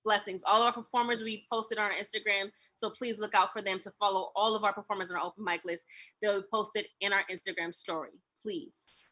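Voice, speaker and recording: A woman's voice: medium pitch, fairly even intonation, brisk, sharp tone. A woman hosting an open mic, wrapping up the show with effusive thanks and easy laughter. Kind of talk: closing remarks at a live-streamed open mic.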